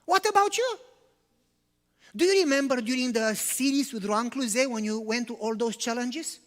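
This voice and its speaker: A man's voice: extremely high pitch, normal speed, a bit bright. A man voicing frustrated male disciples who fire indignant questions at their pastor, with long hall reverb.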